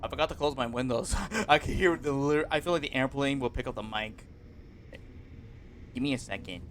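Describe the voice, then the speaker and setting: A streamer talking live while playing a wrestling game, with loud melodramatic apologies and outbursts, recorded on a home desk mic. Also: medium pitch, brisk, slight background noise. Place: home room with open windows.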